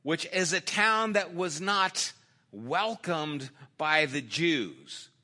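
Male pastor, sermon, bright tone, slow storytelling delivery. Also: on the high side, lively intonation. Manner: storytelling, acts out quoted lines in a dropped, softer voice; conversational, with small restarts.

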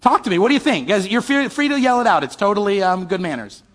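A man with a high-pitched voice delivers a sermon in a conversational way and keeps putting questions to the people listening. His voice rings out in a large hall with a long reverb tail. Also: very animated, quick pace, a bit bright. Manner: conversational, asks the audience questions. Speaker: pastor.

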